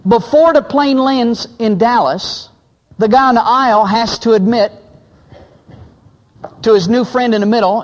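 Speaking a little slowly with long pauses, a male pastor in a large hall tells illustrative stories during his sermon. He performs the quoted voices of the characters, going low whenever a man speaks.

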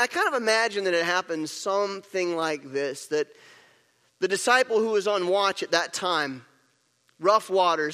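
High-voiced pastor preaching in an echoing hall. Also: male voice, clear, resonant tone. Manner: animated storytelling, acts out scenes. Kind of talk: sermon.

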